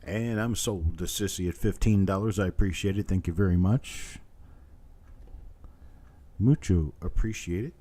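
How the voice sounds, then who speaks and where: A man hosting a live coin auction, calling bids over and over in a steady chant. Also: low voice, measured pace, pauses often. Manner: repetitive bid-calling chant with playful tongue twisters. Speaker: auctioneer host.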